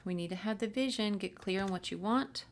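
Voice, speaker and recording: Speaking at a medium pitch and a little quickly, this channel's spiritual reader offers viewers an informal pep talk to camera. Her delivery is chatty, meandering and upbeat, with some self-deprecating humor, and there is slight noise in the background.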